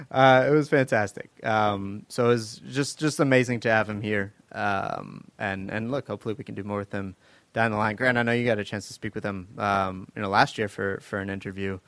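Low-voiced man hosting a casual chat. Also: fairly quick, a bit bright, no room sound. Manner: loose, laughing storyteller with many fillers. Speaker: podcast host.

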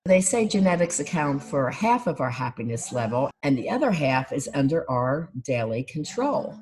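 A woman life coach giving a calm, instructive talk on gratitude and mindfulness, listing things one by one. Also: very deep voice, normal speed. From United States.

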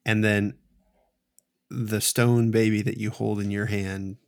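A man narrating as game master of a tabletop game, telling the scene slowly with halting restarts. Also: on the low side, little pitch movement, vocal fry. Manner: slow, halting storytelling with many restarts.

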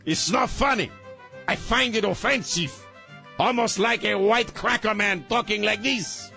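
A man voicing an indignant, easily offended man in a high, mock-offended falsetto, with exaggerated outrage. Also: a little slow, gravelly, bright, forceful tone, soft background music, exaggerated voice.

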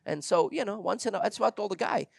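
A man with a gravelly, mid-pitched voice tells a dog-training story in loose, casual chat. He acts out the people in it and laughs as he goes. The sound is dry and close. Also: fast talker, no echo. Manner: animated storyteller, acts out quotes, laughs often. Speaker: dog trainer and podcast host.

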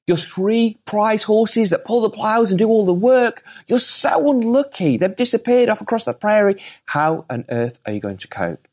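A man putting on the voice of fussing village folk, pitched high and exclaiming dramatically. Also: lively intonation, normal speed, few pauses, a little mellow. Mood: dismayed. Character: fretting, gossiping village folk.

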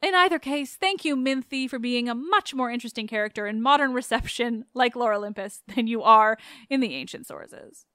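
A woman's voice: on the high side, brisk, bright, forceful tone, clean tone, dry recording, studio quality. A woman hosting a podcast in a chatty, sarcastic way, swearing freely as she talks. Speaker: podcast host. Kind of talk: casual podcast narration.

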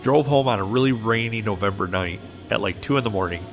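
Low-ish voiced podcast dude from michigan, chill and dry. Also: male voice, fast talker, soft background music. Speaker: podcast co-host. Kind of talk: casual podcast banter.

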